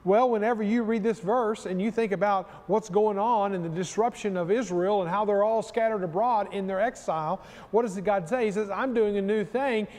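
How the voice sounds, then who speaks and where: A man's voice: sits high, moderate pace, darkish tone, big-room sound. A man preaching a sermon as pastor, using emphatic repetition. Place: church sanctuary.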